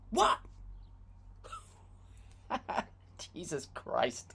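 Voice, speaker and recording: A woman's voice: sits low, sing-song, normal speed. A woman from the United Kingdom co-hosting a film review with sarcastic, mocking commentary. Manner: dry, mocking asides, frequent laughs.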